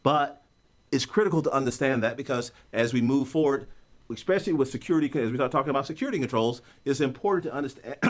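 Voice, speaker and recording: A man teaching an online course, explaining concepts in a joking, story-driven way. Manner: animated, joking storyteller with a lively pitch. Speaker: course instructor. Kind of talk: recorded online lecture.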